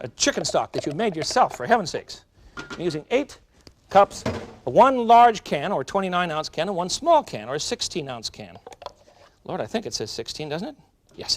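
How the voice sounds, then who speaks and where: A man hosts a cooking show from a studio kitchen, chatting folksily to the viewers as he demonstrates a recipe. His voice sits a little high and swings widely in pitch, animated throughout. A faint background noise runs under the recording.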